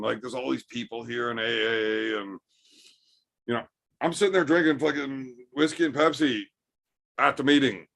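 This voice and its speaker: Brief: tipsy male stream host, gravelly voice, foul-mouthed and rambling. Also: medium pitch, a bit bright. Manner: profane, rambling storyteller. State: drinking, tipsy. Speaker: livestream host reading chat. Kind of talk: casual storytelling chat.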